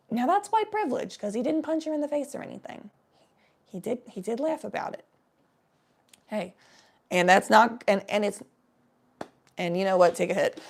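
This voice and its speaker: Young woman with a bit of fry, chill rambly storytime, swears a lot, coughs now and then. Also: medium pitch, lively intonation, a little fast. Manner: rambling, profane, laid-back, with coughing. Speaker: vlogger. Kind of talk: casual storytelling chat.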